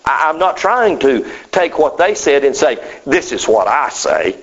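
Animated Southern man from North Georgia. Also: mid-range voice, unhurried, highs cut off. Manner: builds to emphatic rhetorical questions. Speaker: teacher. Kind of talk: reading aloud and commenting in a lesson.

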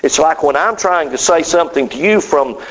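Animated Southern man from North Georgia. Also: fairly high pitch, moderate pace, muffled recording. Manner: builds to emphatic rhetorical questions. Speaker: teacher. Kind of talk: reading aloud and commenting in a lesson.

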